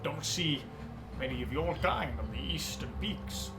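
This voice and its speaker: A man voicing a huge, gentle male furbolg who speaks slowly, softly and in a low, calm voice. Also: over music. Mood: calm welcoming.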